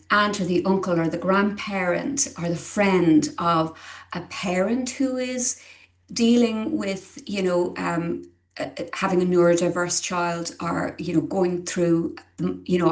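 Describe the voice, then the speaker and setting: This is a middle-aged woman speaking as a guest in a conversational interview. Her voice sits a little low, and her delivery is earnest and emotional. She halts and restarts phrases often as she works through her thoughts. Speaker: guest, parent of a child with dyslexia.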